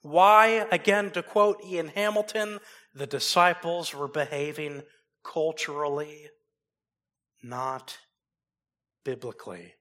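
High, bright-voiced preaching man. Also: slow, long pauses. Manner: emphatic preaching, swinging between loud and soft. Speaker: pastor. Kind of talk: sermon.

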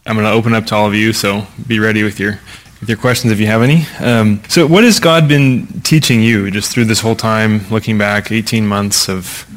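Low-voiced man interviewer. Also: fairly even intonation, a little fast. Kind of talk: hosting a church Q&A.

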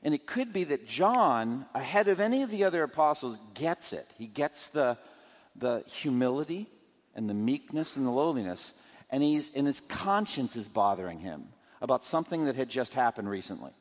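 A man's voice: mid-range voice, sing-song, normal speed, big-room sound. A man preaching a sermon, walking through scripture and acting out quotes and everyday scenes. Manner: expository, acts out scripture quotes and scenarios.

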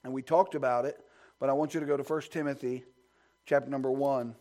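A man's voice: medium pitch, steady tone, brisk, darkish tone. A man preaching a fervent sermon, asking the congregation questions and building his points through repeated phrases. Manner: asks the congregation rhetorical questions.

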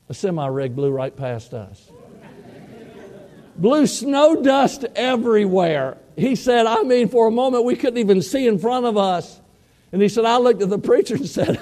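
A man preaching a sermon, telling a story in an animated way and acting out the people in it. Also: high voice, normal speed, in a large hall.

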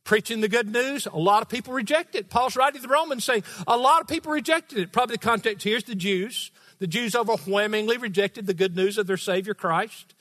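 Emphatic high-voiced preacher in an echoing church. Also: male voice, a little fast, hardly any pauses. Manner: emphatic, rising to shouts; teasing the congregation. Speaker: pastor. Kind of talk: sermon. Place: large church with a balcony.

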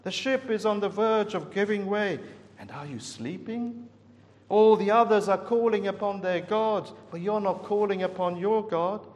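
A man's voice: mid-range voice, monotone, slow, hardly any pauses, a bit bright, pitched below the performer's own voice. A man voicing a desperate ship captain who urgently pleads with a sleeper to wake and pray. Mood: urgent pleading. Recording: long hall reverb.

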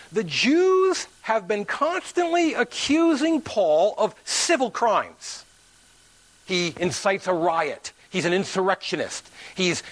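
A man preaching a sermon to his church, telling a story and acting out the people in it. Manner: animated preaching, acts out quoted voices with big pitch swings. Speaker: pastor.

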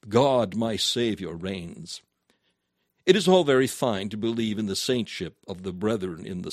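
A man reading a sermon aloud in an earnest, measured, emphatic way. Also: mid-range voice, no echo, clean studio sound. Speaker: preacher.

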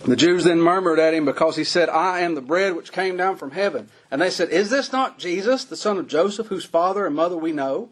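A preacher delivering a sermon in a husky, slightly raised voice. He talks in a plain, folksy way and pushes his voice up high whenever he drives a point home. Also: animated, fairly quick, hardly any pauses. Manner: folksy preaching, voice climbing high on emphatic lines.

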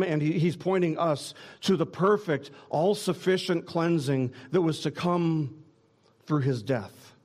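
A man's voice: medium pitch, darkish tone. A man preaching a sermon in an earnest way, often repeating a word as he starts a phrase. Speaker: pastor.

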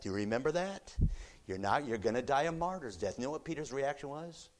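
A man preaching a sermon in a church, telling a story with animated energy, moving between quiet, low asides and loud, excited exclamations. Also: moderate pace.

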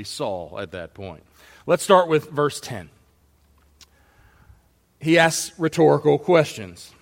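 A man's voice: a little high, fairly bright tone. A man preaching an expository sermon to his church, earnest and building to emphatic rhetorical questions. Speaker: pastor. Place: church sanctuary. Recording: long hall reverb.

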